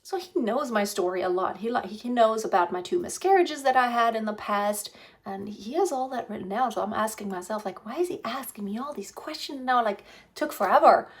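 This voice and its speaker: A woman's voice: on the high side, expressive, a little fast. A woman in her fifties telling a rambling personal story, talking casually into a phone propped in front of her, with many fillers and restarts. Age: 50s. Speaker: vlogger. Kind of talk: casual pregnancy vlog storytelling. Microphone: phone propped on a stand.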